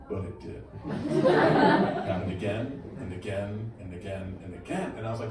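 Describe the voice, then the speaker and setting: A man doing a stand-up set at a comedy club, mixing crowd work with animated punchlines over audience laughter. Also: mid-range voice, moderate pace. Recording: roomy live club recording from far off.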